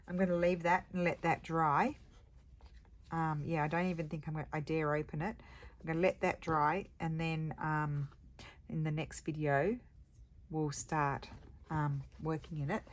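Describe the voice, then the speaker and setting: Middle-aged woman, low voice, chatty craft host, faint noise behind. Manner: chatty, rambling, homely. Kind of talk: casual chat while crafting.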